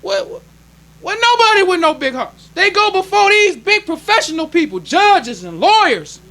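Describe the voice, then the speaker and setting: A man's voice: very high-pitched, sing-song, normal speed, sharp tone. A man preaching a sermon as minister, emphatic and plainspoken, repeating his points. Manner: plainspoken, conversational delivery.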